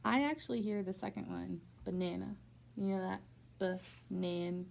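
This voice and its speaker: A woman teacher giving a patient one-on-one phonics lesson in a school room, slowly stretching out words to model their syllables. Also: mid-range voice, expressive, gravelly.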